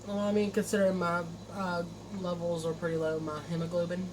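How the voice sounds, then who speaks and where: A woman's voice: fairly low pitch, flat delivery, a little fast, noisy background. A young woman talking casually and hesitantly at home, with lots of fillers. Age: young adult. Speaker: guest, vlogger's daughter. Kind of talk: casual chat.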